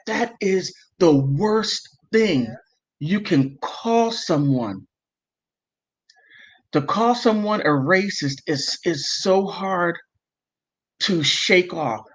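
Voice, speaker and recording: A man's voice: a little high, fairly bright tone. A man hosting a livestream, reading chat comments aloud and riling himself up, often stopping to apologize and correct himself. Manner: emotional, heated, self-interrupting and apologetic. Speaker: livestream host. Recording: dull lo-fi audio.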